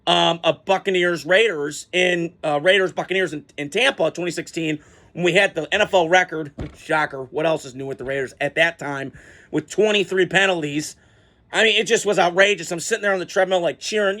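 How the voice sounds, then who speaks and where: Excitable high-voiced sports fan man. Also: brisk. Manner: excitable, swears, rambling with fillers. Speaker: sports vlogger. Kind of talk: casual fan reaction rant.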